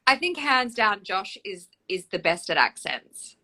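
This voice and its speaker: Her mid-range voice swings widely in pitch, bright and pushed, at a measured pace. This young adult actress and co-host is chatty and enthusiastic on a casual phone-recorded live stream, laughing frequently.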